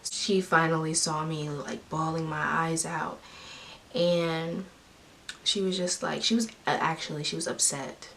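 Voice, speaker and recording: A woman's voice: low-pitched, flat delivery, a little slow, vocal fry, a bit bright. A young woman telling a personal story to her viewers in an emphatic, candid way. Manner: emphatic, talking straight to viewers. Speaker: vlogger. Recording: voice a bit far from the mic, faint hiss.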